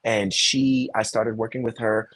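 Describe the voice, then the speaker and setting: A man, a Broadway performer, telling animated stories in an interview, with many restarts. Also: medium pitch, a little slow. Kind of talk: conversational interview.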